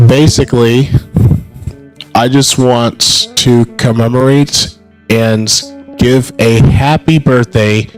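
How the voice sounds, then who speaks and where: A man hosting a casual livestream announcement, rambling and apologetic between drawn-out hype shouts of names. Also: medium pitch, rough recording. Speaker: streamer hosting an announcement stream.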